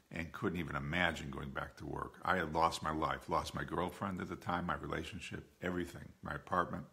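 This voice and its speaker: A man's voice: deep voice, sharp tone. A man in his sixties talking candidly and conversationally to a support group from his home, often repeating phrases for emphasis. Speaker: OCD educator and coach. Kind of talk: live-streamed talk to a support group.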